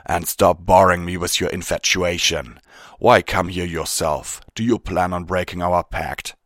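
A man's voice: sits low, fairly even intonation, a little slow, fairly bright tone, no room sound, studio quality. A man voicing a protective, cautious male pony who is the elder brother. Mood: wary. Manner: cautious, urgent.

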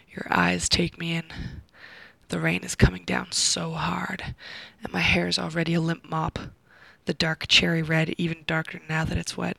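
A woman narrating a first-person erotic story in an intimate voice that slips into soft whispers, with heavy vocal fry. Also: lowish voice, monotone, normal speed, no room sound, poor audio.

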